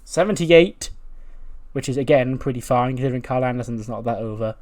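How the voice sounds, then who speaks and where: A man's voice: medium pitch, fairly even intonation, fairly quick, a little mellow. Chatty man narrating a game playthrough. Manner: chatty, laughs at own jokes, self-correcting. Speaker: game commentator. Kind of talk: casual narration of a wrestling sim playthrough.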